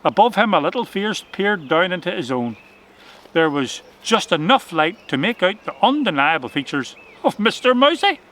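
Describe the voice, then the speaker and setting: Expressive male storybook reader. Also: high voice, normal speed. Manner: expressive, dramatic reading. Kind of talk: children's story reading.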